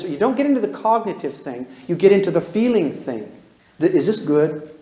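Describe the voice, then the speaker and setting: A man giving a live parenting lecture to an audience, animated and joking, acting out little dialogues with big swings in pitch and volume. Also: moderate pace. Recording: roomy hall echo.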